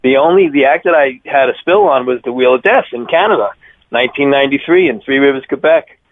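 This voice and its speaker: A man's voice: medium pitch, fast, no room sound. A man in his fifties with a Long Island accent, telling rambling stories as a radio guest, full of fillers. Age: 50s. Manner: rambling, fillers, energetic storyteller. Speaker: radio guest, circus daredevil. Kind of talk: phone-in interview storytelling. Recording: tinny phone line.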